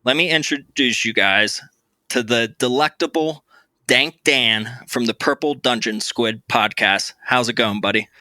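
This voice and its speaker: Excitable male podcast host, very bright, smooth tone, dry close sound. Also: mid-range voice, a little slow, no echo. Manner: upbeat, giggly, excitable. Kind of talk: casual chat. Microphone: remote recording.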